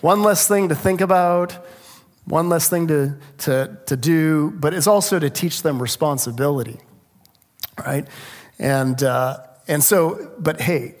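A middle-aged man preaching a sermon, telling a family story with lively rhetorical questions. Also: mid-range voice. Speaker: pastor.

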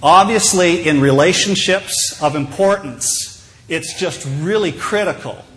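Guy preaching a sermon, chatty and joking, kinda high voice. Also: animated, unhurried, a bit bright, slight background noise. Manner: conversational, humorous storytelling. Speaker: pastor.

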